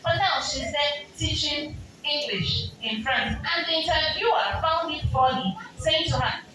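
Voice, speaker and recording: A woman's voice: sits high, measured pace. A woman with a Nigerian accent, a business coach giving a seminar talk, asking the audience questions and slipping into Pidgin asides. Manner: rhetorical, switching into Pidgin asides. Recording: very echoey hall, distant mic, ambient noise.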